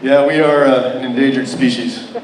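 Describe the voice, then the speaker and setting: A man's voice: medium pitch, steady tone, normal speed, background noise. A young man from Saudi Arabia doing a playful, self-mocking stand-up set. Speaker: stand-up comedian. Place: comedy club stage. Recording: roomy club sound from a distance, audience.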